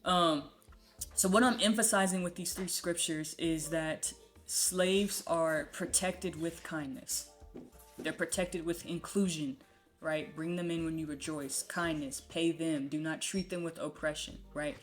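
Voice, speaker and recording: Teaching the Bible at home with a puppy nearby, a woman talks in an unhurried, conversational manner, frequently saying "um" and asking "right?". Her low-pitched voice stays steady, with soft music playing in the background.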